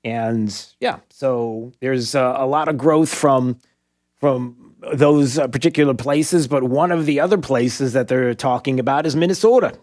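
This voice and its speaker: A man's voice: mid-range voice, a little slow, a little mellow, no echo, studio quality. Rambling male talk radio host. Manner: rambling, many fillers and restarts. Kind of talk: casual talk radio monologue. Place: radio studio.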